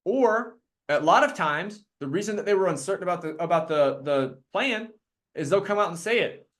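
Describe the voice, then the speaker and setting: In a live sales training talk, a high-voiced man brings plenty of energy, readily acting out his clients in exaggerated voices.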